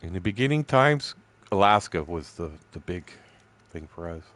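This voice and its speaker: An older man in his sixties chats while he plays a fishing game on stream. His voice sits a little low. He rambles through old stories, swears freely and laughs along the way. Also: big pitch swings, normal speed, fairly bright tone, dry recording. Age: 60s.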